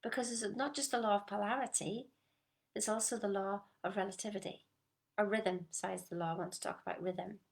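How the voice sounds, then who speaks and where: A woman coaching listeners on a group call in an earnest, coaxing manner, often dropping to a soft whisper and checking in with short questions. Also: medium pitch, steady tone, fairly quick, vocal fry. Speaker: motivational coach. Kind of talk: motivational talk on a group call.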